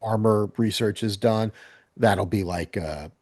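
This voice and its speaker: A man's voice: on the low side, a little slow, a little mellow, dry recording. A man narrating as game master of a tabletop game, rambling with lots of fillers.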